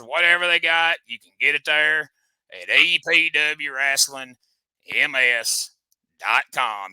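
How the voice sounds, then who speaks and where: A man's voice: fairly high pitch, bright, forceful tone, clean tone, no room sound. A man hosting a comic show, needling his guest in boastful country banter. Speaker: host.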